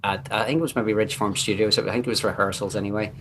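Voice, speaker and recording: A man with a Northern Irish accent and a low voice tells stories as a guest on a casual chat show. He is animated and often acts out what other people said. A faint hum of room ambience sits behind him. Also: fast. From Northern Ireland. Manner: animated storyteller who acts out quotes.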